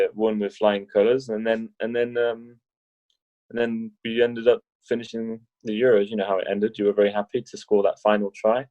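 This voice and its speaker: A low-voiced man rambling through a casual podcast interview, full of restarts and jokes. The sound is dry and dull, like lo-fi podcast audio. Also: darkish tone, dry recording. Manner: rambling, many restarts and fillers, jokey. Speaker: podcast guest, wheelchair rugby league player.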